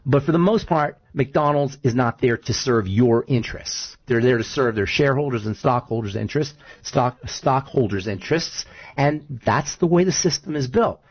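A man hosting a talk radio show, chatting casually and telling stories in an animated, argumentative way. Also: medium pitch, moderate pace, husky, no room sound, highs cut off. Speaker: show host.

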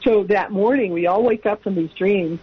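A woman's voice: medium pitch, moderate pace, breathy edge. A woman in her sixties, a guest, chatting and laughing as she tells long rambling family stories. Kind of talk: casual anecdotal storytelling. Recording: dull lo-fi radio audio.

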